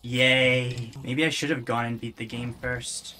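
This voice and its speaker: A gamer talking to themself while playing, with dry, sarcastic asides and quiet muttering. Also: mid-range voice, fairly even intonation, a little slow, a little hiss or hum. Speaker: let's play gamer. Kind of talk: casual gameplay commentary.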